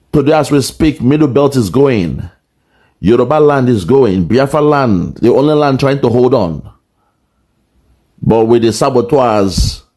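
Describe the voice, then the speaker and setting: A man's voice: medium pitch, dark tone. A man with a Nigerian accent giving an impassioned political monologue, rhetorical and repetitive. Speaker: political commentator.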